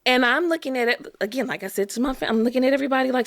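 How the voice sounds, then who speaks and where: A woman's voice: high voice, rapid-fire, fairly bright tone, dry recording, studio quality. A woman from Chicago, a podcast guest telling her story with emotion and acting out quotes. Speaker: interview guest. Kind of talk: candid podcast conversation.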